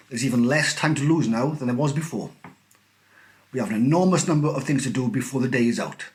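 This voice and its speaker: A man voicing a cheerful, eccentric factory owner who talks in brisk, gleeful exclamations. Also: medium pitch, lightly acted.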